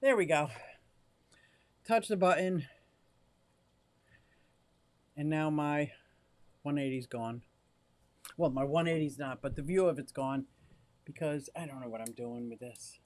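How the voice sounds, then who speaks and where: A chatty, excitable man livestreaming from his home fish room into a directional mic, talking to viewers while fiddling with his gear. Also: a little high, normal speed, long pauses. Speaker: aquarium hobbyist livestreamer. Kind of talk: casual live stream chat to viewers. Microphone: directional microphone.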